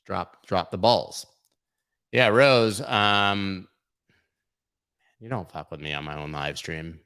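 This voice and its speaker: A man's voice: low voice, slow pace, bright, forceful tone, clear, resonant tone. Profane, mocking crypto stream host, man. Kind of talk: casual livestream chart commentary.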